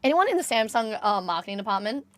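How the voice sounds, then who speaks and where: A young woman chatting casually with her live-stream chat, excitable, jumping between squeals and low mutters. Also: fast talker, dry recording. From Australia.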